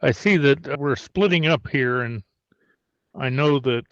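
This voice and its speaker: Smooth, resonant male player thinking aloud, dull dry mic. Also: mid-range voice, measured pace, fairly bright tone, no echo. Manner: thinks aloud while planning moves. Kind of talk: playing a tabletop game, casual.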